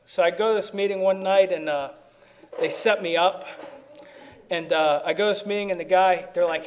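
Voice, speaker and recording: A man's voice: sits high, steady tone, normal speed, slight background noise. A man speaking at a recovery meeting, telling his story in a rambling, self-deprecating way with many restarts.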